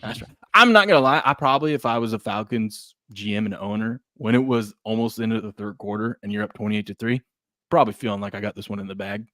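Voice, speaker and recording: Guy hosting a sports betting show, jokey and lively, dry sound. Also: on the low side, fast, no echo. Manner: animated, jokes, reads chat comments. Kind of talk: casual sports chat.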